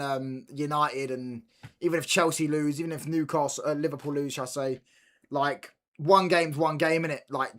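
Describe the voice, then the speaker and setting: A man's voice: a little high, a bit bright. A young man chatting casually on a football watchalong stream, repeating his points and bantering with viewers. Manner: repeats lines, slangy banter with chat. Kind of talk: casual live-stream chat.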